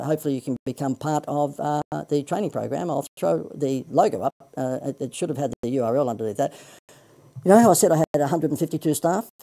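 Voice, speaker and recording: Australian male marketing coach, salesy livestream patter, mellow low voice. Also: creaky. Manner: chatty, self-deprecating, salesy.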